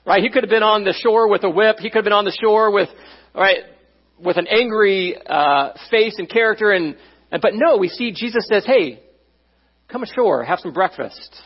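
A man preaching a sermon as pastor, animated and conversational, often checking in with his listeners. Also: high voice, normal speed, muffled recording.

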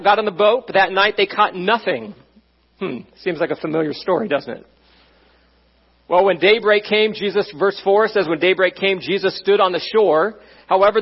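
A man preaching a sermon as pastor, animated and conversational, often checking in with his listeners. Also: high-pitched, husky, muffled recording.

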